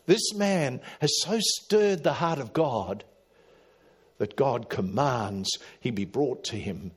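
A middle-aged man preaching a sermon, swinging from loud emphatic calls to quiet, low asides. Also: lively intonation, takes it slowly, husky. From Australia. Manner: dramatic, rising to loud emphatic calls then dropping quiet. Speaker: pastor.

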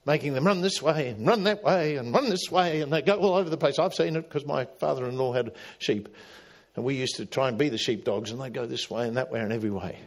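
A middle-aged man preaching a sermon, swinging from loud emphatic calls to quiet, low asides. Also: fast talker. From Australia. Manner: dramatic, rising to loud emphatic calls then dropping quiet. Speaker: pastor.

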